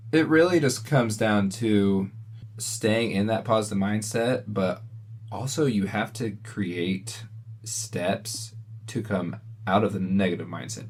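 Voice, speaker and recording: A man co-hosting a podcast, reflectively walking through his own inner self-talk in a casual chat. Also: fairly low pitch. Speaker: podcast co-host.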